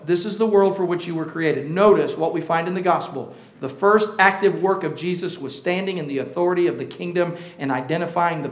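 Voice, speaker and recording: A high-pitched male pastor delivers a sermon in a roomy, echoing church. He swings from quiet, hushed asides to loud, shouted declarations.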